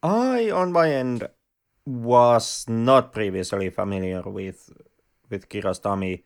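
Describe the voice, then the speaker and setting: A man's voice: mid-range voice, takes it slowly, smooth. A man co-hosting a casual film podcast, speaking in a wordy, rather formal way. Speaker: podcast co-host.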